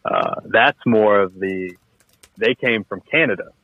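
A man with a Cajun Louisiana accent chats easily as a podcast guest, drifting through his points with restarts. His voice sits fairly low. It comes through a thin, dry, phone-like line. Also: a little slow, creaky, no room sound. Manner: laid-back, rambling with restarts. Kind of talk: casual chat.

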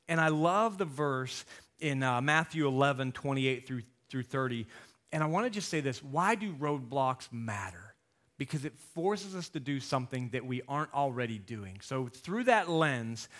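A man preaching a sermon as pastor, animated and jokey, getting loud for emphasis. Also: a little high.

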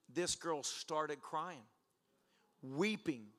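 A man's voice: fairly high pitch, slow. A male pastor preaching to a church congregation, telling stories with laughter and acting out conversations. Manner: animated, laughing storyteller who acts out exchanges. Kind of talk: sermon with storytelling. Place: church service.

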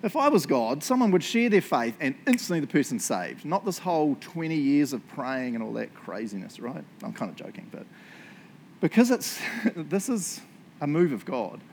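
A man preaching in a chatty, joking way, often checking in with "right?". His voice sits a little high and swings up when he gets excited. A faint hiss of room noise sits under the speech. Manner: chatty, joking, tag questions. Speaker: pastor. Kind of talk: sermon.

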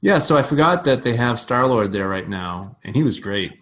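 A man's voice: medium pitch, lively intonation, normal speed, a bit bright. A man co-hosting a podcast, telling stories in a laid-back, chuckling way. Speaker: podcast co-host. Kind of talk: casual chat.

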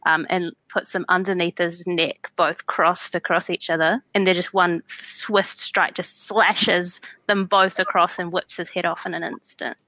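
A woman's voice: fairly low pitch, flat delivery, a little slow, hardly any pauses, sharp tone, dry recording. A woman playing a tabletop game, chatty and giggly while describing her character's actions. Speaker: player.

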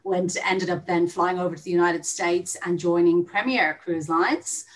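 A woman's voice: on the low side, fairly even intonation, moderate pace, far from the mic, crowd noise, poor audio. A middle-aged woman from Ireland with an Irish accent, telling her story as a guest in a casual chat, laughing often.

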